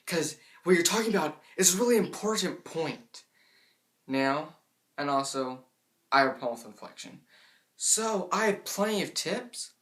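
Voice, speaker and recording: Young man explaining in a monotone. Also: fairly high pitch. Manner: admits to a monotone delivery, casual with fillers like "I mean". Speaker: vlogger giving tips. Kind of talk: casual educational vlog.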